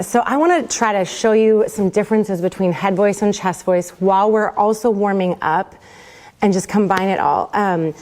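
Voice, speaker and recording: A woman's voice: medium pitch, a little mellow. A woman, a worship pastor, teaching a vocal class in a casual, chatty, upbeat way, with many fillers. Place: class room with a group.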